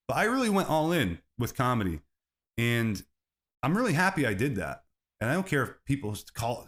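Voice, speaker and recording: A man hosting a solo comedy podcast, rambling from bit to bit and laughing at his own jokes. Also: mid-range voice. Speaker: podcast host.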